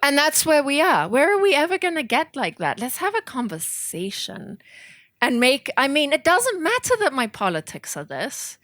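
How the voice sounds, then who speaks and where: A woman author from southern Africa telling animated, self-deprecating stories to a bookstore audience, laughing often. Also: high-pitched, moderate pace, dry recording, studio quality. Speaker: author speaking at a bookstore event. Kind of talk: storytelling in an audience Q&A.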